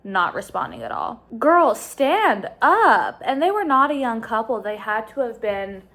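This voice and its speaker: A young woman tells a storytime vlog into her phone, her voice sitting a little high. She talks in a chatty, exasperated way and hurries through her phrases. She speaks first while walking outside at night, then from home. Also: animated, moderate pace, a bit bright. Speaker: vlogger.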